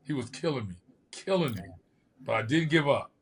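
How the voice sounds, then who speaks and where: A man's voice: mid-range voice, normal speed, a little hiss or hum. An older man, a podcast host and former bodybuilder, telling stories casually and acting out the quotes. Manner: lively storyteller who acts out quotes. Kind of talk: casual storytelling.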